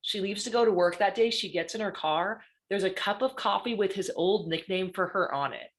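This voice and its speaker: A woman gives a presentation as a guest speaker. She talks in a lively, conversational way and keeps checking in with her listeners by asking "right?" after her points. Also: medium pitch, moderate pace. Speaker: guest panelist on stalking. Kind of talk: presentation talk.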